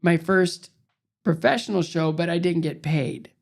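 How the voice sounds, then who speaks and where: A man in his sixties, a guest in an interview, telling stories in an animated way and acting out the voices of people he quotes. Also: on the high side, unhurried, vocal fry. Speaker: interview guest, former figure skater. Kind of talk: storytelling in conversation.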